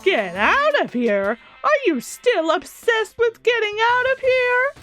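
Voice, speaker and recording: A woman's voice: extremely high pitch, very animated, slow, fairly bright tone, soft background music, pitched above the performer's own voice, heavily acted. A woman voicing a gleeful, crude male robot bear mastermind who cackles and taunts in a video game. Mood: mocking.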